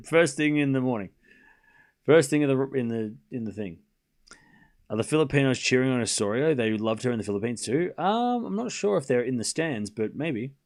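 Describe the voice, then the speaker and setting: A man hosting a live tennis watchalong stream, calling scores and chatting casually with viewers, rambling and laughing often. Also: medium pitch.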